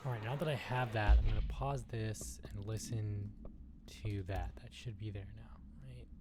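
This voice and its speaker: A man's voice: on the low side, fairly even intonation, moderate pace. A man streaming a video game, reading in-game documents aloud and swearing at the action, sometimes dropping to a whisper. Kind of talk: casual gameplay commentary. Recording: noisy stream with game ambience.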